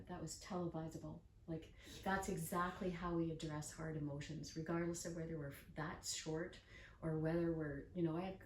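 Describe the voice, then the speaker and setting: A woman's voice: fairly low pitch, a little mellow. Older woman host, earnest storyteller, echoey distant recording. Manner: earnest, storytelling, acts out quoted voices. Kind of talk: casual interview chat. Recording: echoey room from far off with faint noise.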